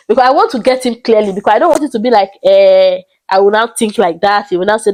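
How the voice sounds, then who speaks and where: A young woman telling a story to her vlog viewers, dramatic and expressive. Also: mid-range voice, fairly quick, rough recording. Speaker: vlogger.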